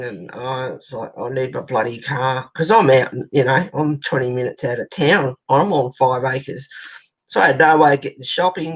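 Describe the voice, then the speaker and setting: A woman's voice: a bass voice, rough recording. Rambling Australian woman chatting while colouring. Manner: rambling animated storyteller, swears casually. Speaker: colouring channel host. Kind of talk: casual chat while colouring.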